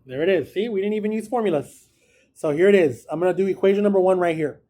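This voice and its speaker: This math teacher talks fast in a high-pitched voice with a dark tone. He lectures his class casually and encouragingly, explaining each step out loud.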